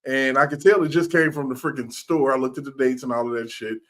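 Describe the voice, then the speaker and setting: A man hosting a podcast, telling stories in a loose, animated way, acting out quotes and swearing freely. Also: medium pitch, quick pace. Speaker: podcast host. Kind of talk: casual chat.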